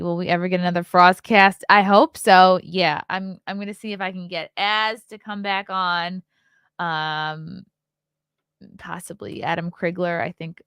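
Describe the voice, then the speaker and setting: A woman in her thirties hosts a loose livestream chat, reading viewer comments aloud and answering them. Her voice sits fairly low for a woman. The sound is close and dry, with no room around it. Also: vocal fry, fairly bright tone, no echo. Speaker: podcast host and comedian.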